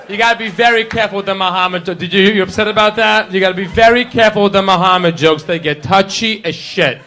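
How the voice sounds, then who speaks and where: Male stand-up, high bright voice, loud punchlines, live club with faint laughter. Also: quick pace, hardly any pauses. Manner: brash crowd work, shouting punchlines and acting out characters. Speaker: stand-up comedian. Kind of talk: stand-up routine. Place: comedy club stage. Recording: live club with crowd laughter and ambient noise.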